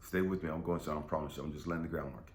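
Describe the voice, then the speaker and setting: A man's voice: very deep voice, fairly even intonation, rapid-fire, a little hiss or hum. A man hosting a spiritual channel, talking in an impassioned, confessional way that sometimes drops to a whisper, with frequent swearing. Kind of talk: emotional spiritual monologue. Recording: echoey room.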